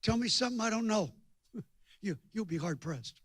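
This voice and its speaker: An older man preaching a storytelling sermon in a folksy, joking way, swinging from hushed asides to loud bursts. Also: high voice, expressive, normal speed, no room sound, clean studio sound. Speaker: guest preacher.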